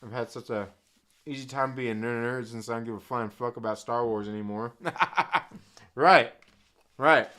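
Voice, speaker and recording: A man's voice: medium pitch, moderate pace, pauses often, a bit bright. A man hosting a casual live stream, rambling and swearing, with many "like" fillers and frequent laughs as he reads chat. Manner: profane, rambling, lots of "like" fillers, laughs often.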